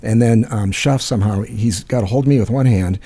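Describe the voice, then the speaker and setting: Low-ish, husky, and dark in tone, this man speaks briskly. He is hosting a call-in show and telling a rambling, profane story full of fillers, in a casual storytelling manner.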